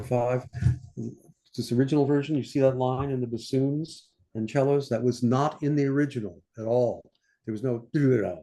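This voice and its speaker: An older man from the US, mellow and medium-pitched, conducts a score-study masterclass. He pauses his explanations to sing orchestral lines in scat syllables, unhurried and filling gaps as he thinks out loud.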